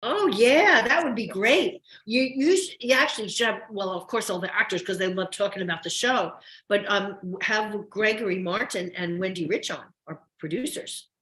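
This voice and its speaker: A woman's voice: medium pitch, normal speed, hardly any pauses, a bit bright. An older woman, a soap actress guest, telling stories in a chatty, effusive way with many restarts. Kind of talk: casual interview chat. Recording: roomy echo.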